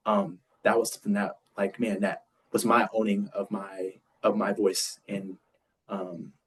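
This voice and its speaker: A man's voice: fairly low pitch, little pitch movement, a little slow, husky. A man who stutters, moderating a webinar in a casual panel discussion over a video call, often saying "like" and "man". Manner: stutters, with repeated sounds, says "man" and "like" often.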